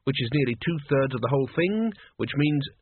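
A man's voice: medium pitch, animated, a little fast, slightly rough, no room sound. A man reading an audiobook, voicing a mild, polite teenage boy who answers patiently. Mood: mumbling. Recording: tinny lo-fi phone-like audio.

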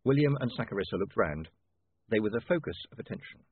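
A man narrating a novel in a measured storytelling manner, tinny and lo-fi. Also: on the low side, lively intonation, slightly rough, dry recording. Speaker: audiobook narrator. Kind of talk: scripted narration. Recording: tinny dry lo-fi audiobook recording.

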